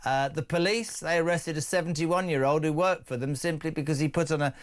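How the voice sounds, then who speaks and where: A man's voice: fairly high pitch, steady tone, a little fast. A man hosting a live radio phone-in, reading listener texts in a brash, jokey, chatty way with asides to the studio. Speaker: radio talk show host. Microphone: studio microphone.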